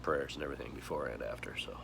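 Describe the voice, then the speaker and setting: A grieving vlogger talks in a personal vlog, his extremely deep, gravelly voice rumbling low. He sounds choked up and speaks slowly and heavily, pausing often and restarting again and again. A steady background noise runs beneath him.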